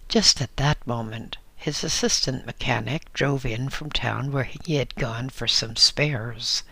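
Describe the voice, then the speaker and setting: A man narrating a story in a measured, deliberate reading. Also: medium pitch, vocal fry, bright, forceful tone.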